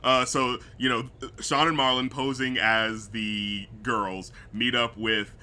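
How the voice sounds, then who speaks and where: A man's voice: medium pitch, steady tone, slow, bright, forceful tone. A man hosting a casual film review podcast, talking loosely with many fillers and profanity, acting out lines from the movie. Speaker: podcast host.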